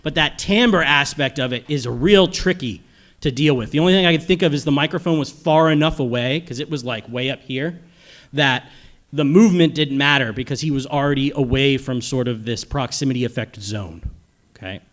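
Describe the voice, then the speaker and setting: Speaking at a brisk pace in a mid-range, slightly bright voice, this middle-aged man rambles chattily through a live panel talk about audio. He keeps tagging his points with "okay?" and "right?" as he addresses the room.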